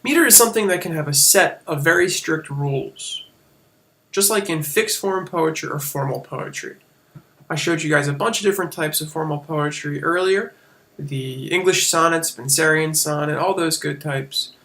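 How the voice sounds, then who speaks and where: A man with a bright, slightly high voice walks through a lesson over a shared screen. He talks casually and explains step by step, with fillers and quick self-corrections. The sound comes from a computer mic. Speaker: teacher.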